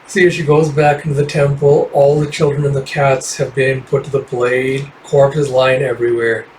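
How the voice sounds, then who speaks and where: A man's voice: mid-range voice, level tone, normal speed, a little mellow, a little hiss or hum, rough recording. A man casually narrating a comic book readthrough, loose and rambling with lots of filler words.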